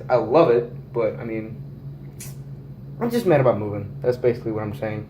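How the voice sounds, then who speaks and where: A man's voice: medium pitch, dark tone. A teenage boy talking casually in a rambling, profane, jokey way, recording his own vlog. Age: teens. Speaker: vlogger. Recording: echoey room with faint noise.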